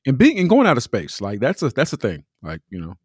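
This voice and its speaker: Casting: podcast co-host, man, easygoing and unhurried, mid pitch, dry close mic. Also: slightly rough, no room sound. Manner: relaxed, halting with fillers and restarts. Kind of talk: casual chat.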